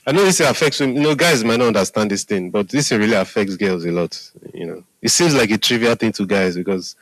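Low-voiced preacher, conversational. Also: male voice, fast, fairly bright tone, no echo, poor audio. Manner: conversational, repeats "Hallelujah" and "are we together?" to the audience. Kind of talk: sermon.

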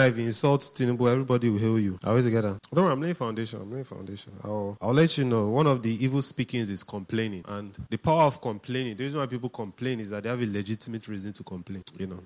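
With a mid-range voice, a man preaches a sermon conversationally, frequently putting questions to the congregation.

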